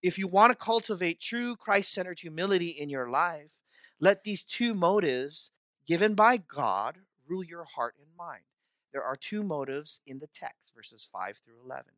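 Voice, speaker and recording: A male pastor preaching a sermon, repeating key phrases for emphasis and swinging between soft, quiet passages and loud, urgent ones. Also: a little high, expressive, moderate pace, no room sound.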